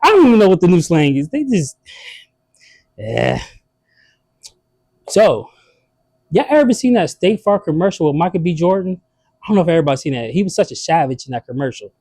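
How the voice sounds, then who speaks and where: A man's voice: fairly high pitch, very animated, brisk, pauses often, a little mellow, no room sound. A man telling rambling comic stories casually, laughing between lines.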